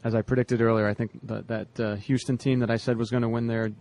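A man's voice: medium pitch, little pitch movement, fast talker, a little mellow. A man on a sports talk panel, playful and needling the others while giving his picks. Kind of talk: casual sports panel chat.

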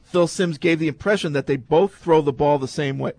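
A man's voice: on the high side, a little fast, a little mellow. A man hosting a casual sports talk show, reading listener emails aloud and steering the talk.

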